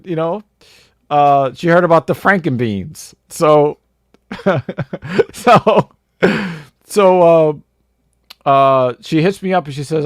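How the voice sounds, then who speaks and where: A man's voice: on the high side, no echo, studio quality. Brash boastful man on a podcast. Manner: brash, boastful, hypes the audience, laughs often. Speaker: podcast co-host. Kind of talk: casual storytelling chat.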